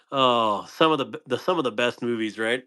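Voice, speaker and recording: A man's voice: mid-range voice, pushed and bright. A man hosting a live stream, reading and answering chat comments in a playful way, laughing often and tripping over tongue twisters.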